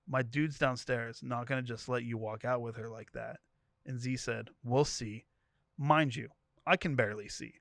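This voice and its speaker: A man's voice: mid-range voice, no echo, studio quality. A podcast co-host reading a wild tweet thread aloud, laughing as he goes and giving each character's lines a voice. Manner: animated storytelling, laughing between lines.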